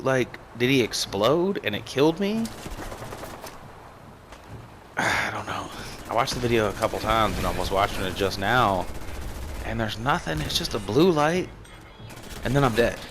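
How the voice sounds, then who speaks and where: A young man with a deep, low voice talks over his game footage in a loose, rambling way, swearing often and getting worked up. Faint gunfire and game sounds run quietly behind him. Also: slight background noise. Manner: excitable, swears freely, rambling. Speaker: gaming commentator. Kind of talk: casual gameplay commentary.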